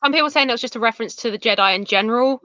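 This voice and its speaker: A woman co-hosting a casual fan chat, agreeing quickly and chiming in. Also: fairly high pitch, sharp tone, no echo. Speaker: podcast co-host.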